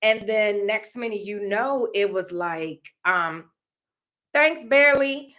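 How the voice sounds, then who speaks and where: Speaking slowly in a medium-pitched, slightly bright voice, a woman vlogger opens up casually to her audience. She rambles with many fillers, laughing now and then, in a heartfelt tone.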